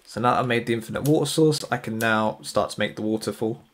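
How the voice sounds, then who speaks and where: A man's voice: fairly low pitch, quick pace. Chatty British man streaming a game. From United Kingdom. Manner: chatty, laughs often, replies to chat. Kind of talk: casual chat while gaming.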